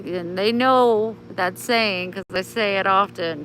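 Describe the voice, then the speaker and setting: Middle-aged lady vlogging on a dog walk outside, bright voice, chatty, faint background hum. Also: medium pitch, measured pace, hardly any pauses, poor audio. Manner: chatty, talks to her dog in a coaxing voice. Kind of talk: casual vlog while walking her dog.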